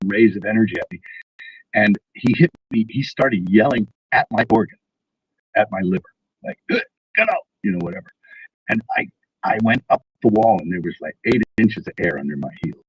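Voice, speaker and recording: A man telling stories in casual conversation, animated, acting out the people he quotes. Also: lowish voice, fairly quick. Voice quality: husky. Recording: dull lo-fi sound.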